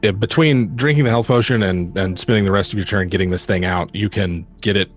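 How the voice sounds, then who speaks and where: Deep-voiced man running a tabletop game. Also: a little fast, soft background music. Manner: describes scenes with many fillers. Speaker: game master.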